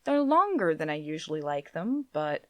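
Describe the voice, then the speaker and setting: A woman's voice: deep voice, very animated, moderate pace, no echo. A woman voicing a bewildered, panicky Englishman in a live book reading, his lines rising in exasperated outbursts. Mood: flustered.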